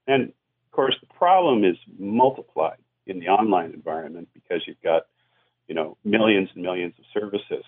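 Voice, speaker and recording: A man's voice: low voice, lively intonation, normal speed, husky, phone-quality sound. A man explaining media policy as a guest on a radio call-in show, talking at length with many fillers. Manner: explanatory, frequent "you know" fillers.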